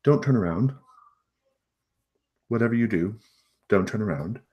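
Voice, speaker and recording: A man's voice: fairly low pitch, lively intonation, unhurried, muffled recording, voice pushed up. A man playing a flustered female innkeeper who rambles with many fillers and gives ominous warnings. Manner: rambling, full of fillers and restarts.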